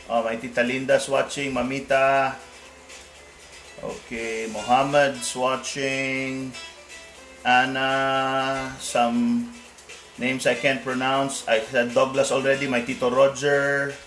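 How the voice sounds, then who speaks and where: A man's voice: mid-range voice, fairly bright tone, recorded from a distance. A man with a Filipino accent, chatting casually as he cooks on a live stream, slipping Tagalog words into his English. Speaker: home cook. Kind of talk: live-streamed cooking chat. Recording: echoey room, voice off-mic, faint music.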